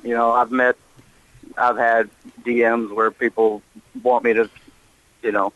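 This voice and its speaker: A man's voice: medium pitch, level tone, unhurried, fairly bright tone, no room sound, highs cut off. A man chatting as an interview guest, rambling and profane, often laughing at his own stories. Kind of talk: casual chat.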